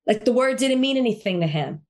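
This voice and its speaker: A fairly high-voiced woman co-hosting a podcast. She talks with conviction, and she circles back over the same phrases again and again to drive her point home. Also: animated, brisk. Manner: impassioned, repeats herself for emphasis. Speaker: podcast co-host. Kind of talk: casual podcast chat.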